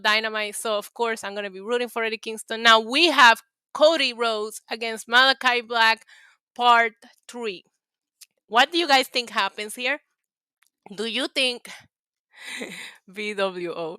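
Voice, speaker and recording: A woman's voice: on the high side, measured pace, sharp tone, clear, resonant tone, no echo. A woman from New York City hosting a casual livestream, chatting, laughing often and reading the chat aloud. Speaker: livestream host.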